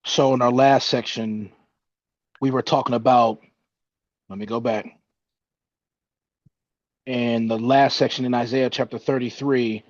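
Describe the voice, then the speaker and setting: A man's voice: mid-range voice, steady tone, measured pace, long pauses, no echo, dull audio. A man in a casual Bible study who talks his way through each passage, hesitating and correcting himself as he goes. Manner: hesitant, self-correcting, with fillers.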